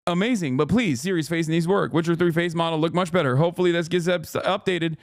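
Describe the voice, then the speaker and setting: A man with a high voice riffs through a profane, mocking livestream rant. The sound is dry and close, with no room around it. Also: quick pace, no room sound. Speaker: streamer. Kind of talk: casual livestream commentary.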